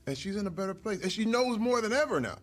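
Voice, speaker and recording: Talking fast in a voice that sits high, a man tells tales from his life while chatting over food. He comes across as animated and sincere, with moments where emotion creeps in; he's a guest here.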